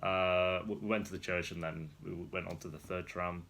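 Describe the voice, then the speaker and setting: Speaking at a moderate pace with little pitch movement, a young man vlogs casually from a rolling chair indoors. His low-pitched voice is creaky and fairly bright, and he rambles through a chatty story with frequent laughs.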